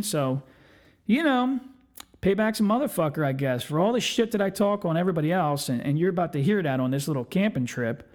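A man's voice: a little high, a little mellow. A young man hosting a podcast, chatting casually in a rambling, profane, self-deprecating way. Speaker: podcast host. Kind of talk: casual solo podcast chat.

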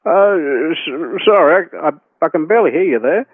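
A man's voice: on the high side, lively intonation, moderate pace, breathy edge, dry recording. A man playing a male supervisor on a prank call, stammering and repeating the same line. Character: male supervisor stuck on a looped recording. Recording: tinny phone line.

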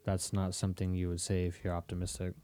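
A man co-hosting a casual podcast, answering briefly in a quiet, low-key way. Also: monotone, fast, dry recording. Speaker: podcast co-host.

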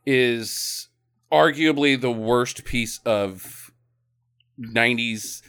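A young man co-hosting a podcast, joking loudly about a bad movie, laughing often and swearing freely. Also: medium pitch, very slow, smooth. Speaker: podcast co-host. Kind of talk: casual bad-movie commentary.

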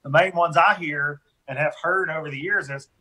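A man's voice: fairly high pitch, moderate pace, pushed and bright, breathy edge, low-quality recording. A man hosting a casual podcast, who is also a pro angler, talking thoughtfully with stammered restarts. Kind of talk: casual chat.

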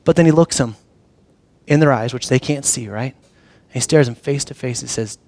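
A man preaching a sermon in a casual, animated storytelling way, sometimes dropping to a soft, intimate low voice. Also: normal speed, pauses often. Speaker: pastor.

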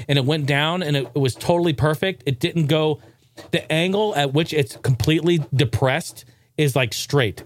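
A man hosting a gaming show, ranting casually with profanity and jokes. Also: fairly high pitch. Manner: profane, excitable, jokey.

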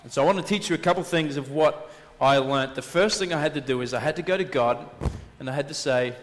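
His voice sits a little high and moves fast as this married pastor preaches. Stories come out animated, complete with acted-out voices and emphatic repetition, echoing with the long reverb of a church hall.

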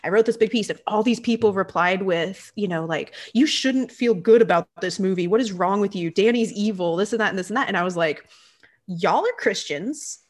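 A woman hosts a casual film chat, animated and quick to laugh. She acts out other people's lines with big jumps in pitch.

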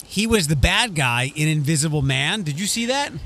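A man's voice: a little high, expressive, moderate pace, bright, forceful tone. A man hosting a casual podcast chat, rambling with frequent restarts. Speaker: radio host.

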